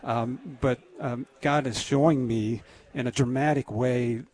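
A man talking as a radio guest in an earnest, halting way, with many restarts. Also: mid-range voice, steady tone, a little mellow. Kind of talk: casual radio interview.

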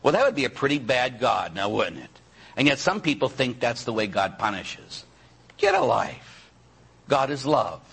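A man, a priest, preaching a sermon in an animated way, full of rhetorical questions and quick asides. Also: medium pitch, slightly rough, low-quality recording. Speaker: Catholic priest.

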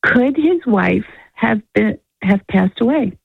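A woman calling in to a radio show, talking in a halting way with frequent restarts and an easy chuckle. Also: on the high side, lively intonation, gravelly, slightly rough, no echo. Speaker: caller. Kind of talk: phone-in conversation. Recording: phone line.

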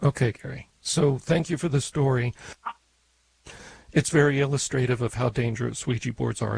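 Male call-in host, gravelly voice, calm and explanatory, faint hiss behind him. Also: mid-range voice, low-quality recording. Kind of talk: radio call-in talk.

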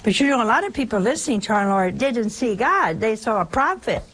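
A woman's voice: on the high side, very animated, fairly quick, fairly bright tone. An older woman giving a conversational sermon, emphatic and full of rhetorical questions. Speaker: preacher.

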